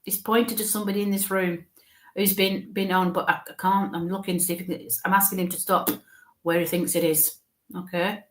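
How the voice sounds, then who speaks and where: A woman's voice: lowish voice, level tone, a little fast, roomy sound. A woman giving a live mediumship reading as a psychic medium, thinking aloud with frequent halts and restarts.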